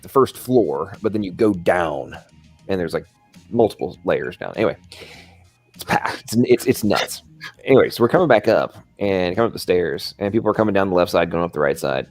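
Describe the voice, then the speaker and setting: Deep-voiced American man, rambling host. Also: darkish tone, no echo. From England. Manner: rambling, tags lines with "right?". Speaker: live stream host. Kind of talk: casual chat, storytelling.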